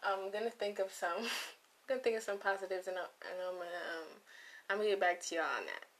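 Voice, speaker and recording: A woman's voice: medium pitch, fast, a bit bright. A young woman vlogger in a casual, comedic monologue, rambling and losing her train of thought with playful asides, close to the mic. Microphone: close microphone.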